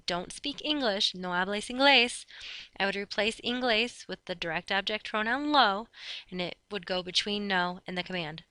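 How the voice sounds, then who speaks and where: A woman teacher talking through a recorded Spanish grammar slideshow in a brisk, chatty classroom manner. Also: medium pitch, sharp tone, clear, resonant tone, no room sound.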